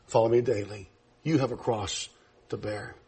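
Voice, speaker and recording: Man, pastor, church sermon, husky voice, swings from quiet to loud high emphasis. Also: fairly even intonation, moderate pace.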